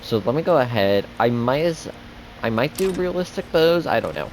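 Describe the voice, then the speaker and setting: A man's voice: medium pitch, big pitch swings, moderate pace, a little hiss or hum. A young man giving casual gameplay commentary as a streamer, chatty and rambling. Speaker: gaming streamer.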